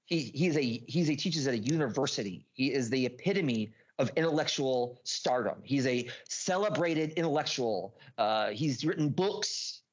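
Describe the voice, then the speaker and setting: A man telling a story as a podcast guest, rambling and excitable, swearing a lot and packing his talk with filler words. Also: mid-range voice, moderate pace, hardly any pauses, highs cut off. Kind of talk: casual storytelling.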